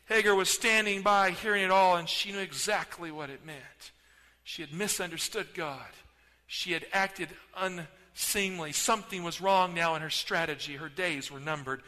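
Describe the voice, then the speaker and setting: A man preaching a sermon in a church, dramatic, swinging between loud emphasis and hushed near-whispers. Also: a little high, normal speed. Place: church sanctuary. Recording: long hall reverb.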